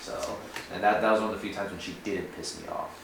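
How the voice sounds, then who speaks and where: A man's voice: sits low, fairly even intonation, quick pace, vocal fry. A man in his twenties telling a story in casual podcast chat, rambling with lots of fillers and swearing. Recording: echoey room, far from mic, faint noise.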